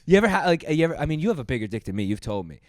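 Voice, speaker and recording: A man's voice: fairly high pitch, very animated, very fast, no echo, studio quality. A man hosting a casual podcast chat, telling a rude story with lots of swearing and laughter. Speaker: podcast host.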